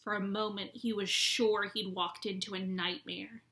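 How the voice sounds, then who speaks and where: A woman's voice: mid-range voice, level tone, normal speed, sharp tone. A woman teacher reading a children's book aloud expressively.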